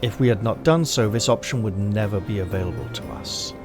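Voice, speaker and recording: A man reading a solo gamebook aloud with measured, dramatic narration and commenting on his choices as he plays. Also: fairly low pitch. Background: music.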